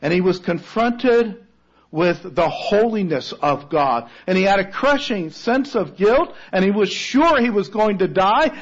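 A man preaching a sermon, telling a story dramatically, rising to loud cries and then falling to a near-hush. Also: sits high, lively intonation, measured pace, slightly rough, dull audio.

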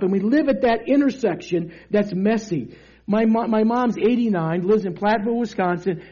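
A man preaching a lively, joking sermon, calling for amens from the crowd. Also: sits high, husky, highs cut off. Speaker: pastor.

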